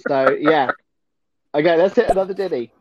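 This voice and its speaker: A man co-hosting a casual chat while watching a film, rambling and laughing often. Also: high-pitched. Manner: giggly, rambling with frequent laughs. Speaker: podcast co-host. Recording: dull, slightly muffled audio.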